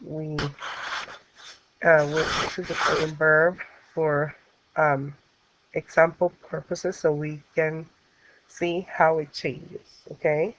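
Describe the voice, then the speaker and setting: A woman's voice: deep voice, level tone, takes it slowly, pauses often, a little hiss or hum. A woman teaching a Spanish grammar lesson, explaining the rules step by step with patient fillers. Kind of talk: recorded classroom lesson. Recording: dull lo-fi recording.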